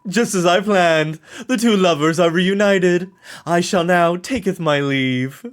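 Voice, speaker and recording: A man's voice: sits high, measured pace, smooth, voice pushed up. A man voicing a pompous scheming video game character who talks in theatrical mock old English. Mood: gloating. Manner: theatrical, archaic phrasing.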